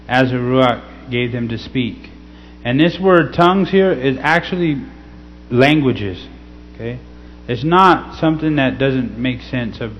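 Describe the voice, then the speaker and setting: A man reading scripture slowly and teaching in a casual way, often checking in with "okay?". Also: medium pitch. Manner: slow, deliberate scripture reading. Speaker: pastor. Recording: slightly dull recording with faint hum.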